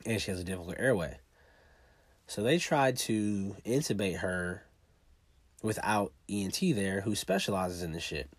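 A man telling a personal story in a blunt, profane, fast-talking way. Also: fairly low pitch, no room sound.

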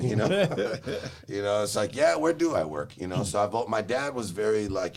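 Young guy from LA, lowish voice, rambling and cussing, laughs a lot. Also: expressive, normal speed, vocal fry, a little mellow. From Los Angeles, Southern California. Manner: profane, rambling, laughs often. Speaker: guest telling his life story. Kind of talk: casual chat.

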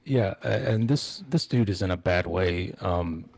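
A man guest-hosting a casual movie review podcast, talking in a relaxed way with ums. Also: low-pitched, unhurried, gravelly, dry recording.

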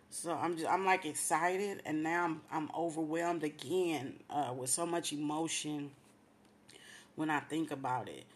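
A woman's voice: sits low, measured pace, a little hiss or hum. A woman hosting a radio show, sharing an emotional religious testimony with heartfelt praise and repeated thanks to God. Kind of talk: emotional personal testimony on air.

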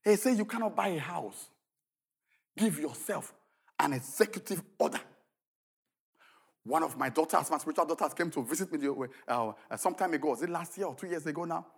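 Gravelly, animated preaching pastor. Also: male voice, fairly high pitch. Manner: preaching with shouted peaks and a lively, swooping delivery. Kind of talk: sermon.

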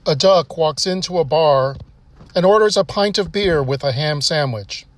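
A man's voice: moderate pace, no echo. A man reading a scripted joke and short essay, lifting his voice for the characters' lines. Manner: steady storytelling, voicing characters with raised pitch.

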